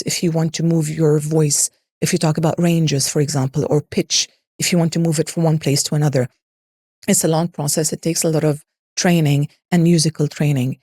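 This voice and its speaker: A woman speaks as a voice coach in an interview, guiding the listener step by step with lists and rhetorical questions. Her voice is mellow and fairly low, and the sound is dry and close. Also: no room sound. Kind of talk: expert explaining in an interview.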